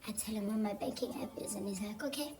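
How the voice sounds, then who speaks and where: A woman telling a dramatic story in a casual, animated way with fillers, over background music. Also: medium pitch, fast, low-quality recording. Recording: clear music bed behind voice.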